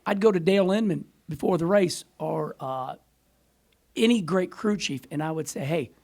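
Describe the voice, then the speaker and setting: A man's voice: fairly high pitch, moderate pace. A middle-aged man, a podcast guest, telling rambling stories in casual chat and laughing often. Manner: animated, rambling storyteller who laughs often. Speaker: podcast guest, former racer.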